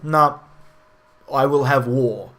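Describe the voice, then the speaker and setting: A man's voice: mid-range voice, takes it slowly, a bit bright. A man voicing a stubborn, greedy male dwarf king who speaks dismissively and offhandedly.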